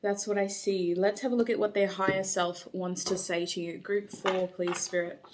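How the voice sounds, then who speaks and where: Woman tarot reader, casual and chatty, musing aloud with a steady mid-range voice. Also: medium pitch, moderate pace, background noise. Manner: chatty, musing aloud, frequent ums and likes. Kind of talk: casual intuitive tarot reading.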